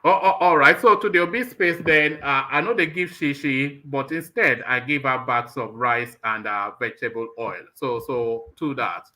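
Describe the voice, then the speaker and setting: A man's voice: medium pitch, normal speed, few pauses, sharp tone. A man hosting a live talk stream, blunt and combative, stammering when worked up. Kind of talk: heated live discussion.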